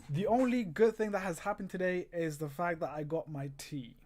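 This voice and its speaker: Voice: mid-range voice, normal speed, hardly any pauses, noisy background. Exasperated, sarcastic watchalong livestream host. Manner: exasperated and sarcastic, often laughing; reads viewer comments aloud. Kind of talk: casual live commentary and chat.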